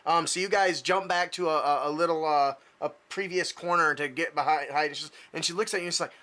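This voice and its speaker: A man narrates and rules a tabletop game in a high, bright voice. He stumbles through fillers and restarts and laughs along with the players. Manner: halting, full of fillers and restarts, laughs often. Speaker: game master.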